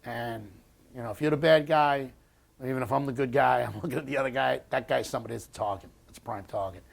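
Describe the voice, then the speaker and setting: An American man in his sixties tells his story in an oral history interview. His voice sits at an ordinary middle pitch. He speaks bluntly and swears, with halting starts and restarts. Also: vocal fry. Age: 60s. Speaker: war veteran interviewee.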